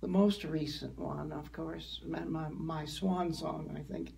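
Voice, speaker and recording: An older woman from the American Midwest, a guest actress telling animated stories in a conversational interview. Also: sits low, a little slow, vocal fry, breathy edge. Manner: storytelling, animated.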